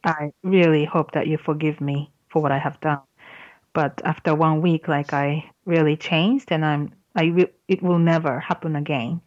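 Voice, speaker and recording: A woman's voice: deep voice, steady tone, normal speed, a little mellow, no echo, dull audio, close to an everyday voice. A woman voicing a contrite talking male parrot that pleads politely for forgiveness, in her own everyday voice. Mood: apologetic.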